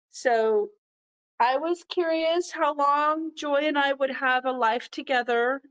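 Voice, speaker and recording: A woman's voice: sits high, fairly bright tone, poor audio. A middle-aged woman tells a personal story from the heart and acts out the voices of the people in it. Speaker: podcast host.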